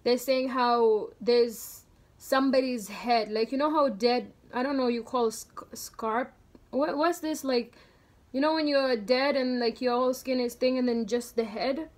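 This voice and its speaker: A young woman vlogger casually telling a story, animated and slangy, with lots of "like" fillers. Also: a little high, measured pace.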